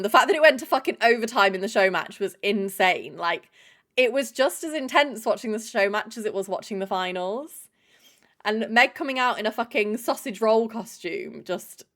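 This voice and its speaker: A young woman talks loosely to her stream, rambling and swearing freely as she greets chatters by name. Her voice sits at an ordinary middle pitch, easy and conversational. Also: fairly bright tone. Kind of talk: casual live-stream chat.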